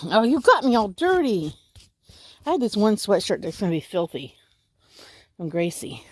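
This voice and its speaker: Outdoors around her country house, a woman vlogger chats casually and talks to her dogs in a high baby voice. She is very animated, speaking at normal speed with long pauses, in a darkish tone with no echo.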